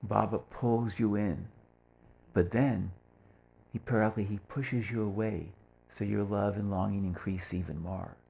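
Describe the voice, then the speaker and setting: Older male speaker with a low, gravelly voice; loose, rambling storyteller who acts out quoted voices. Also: steady tone, a little slow, warm tone. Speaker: speaker giving a talk. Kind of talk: informal talk with anecdotes.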